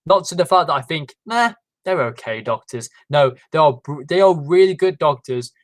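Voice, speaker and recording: A man's voice: a little high, a little fast, dry recording, rough recording. A man hosting a casual livestream, rambling with many fillers and restarts. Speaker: livestream host. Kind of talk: casual chat.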